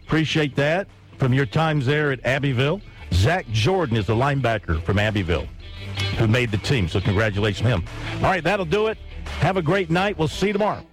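Lively male sports radio host. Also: medium pitch, music in the background. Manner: quick, chatty, reads notes off briskly. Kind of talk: casual radio talk.

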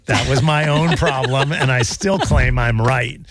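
A man's voice: medium pitch, unhurried, fairly bright tone, no echo. Wry male radio host, casual banter, dry close sound. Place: radio studio.

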